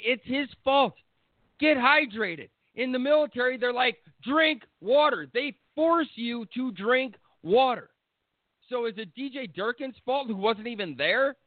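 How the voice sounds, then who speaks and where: A man's voice: very high voice, no room sound. A man hosting a sports talk show, ranting bluntly and heatedly, with plenty of swearing. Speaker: sports podcast host. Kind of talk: opinionated sports talk rant. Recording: tinny phone-like lo-fi, dry.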